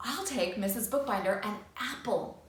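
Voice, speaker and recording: A woman voicing an excitable young male bug schoolboy, bouncy and sing-song. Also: mid-range voice, normal speed, natural voice. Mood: excited. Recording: echoey room.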